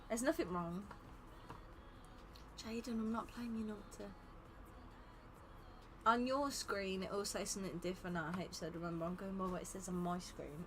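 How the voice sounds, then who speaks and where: With background noise present, a young English woman with a lowish voice streams a live game, running custom lobbies. Tired-sounding yet laughing often, she chats casually, teases her viewers and reads chat out loud.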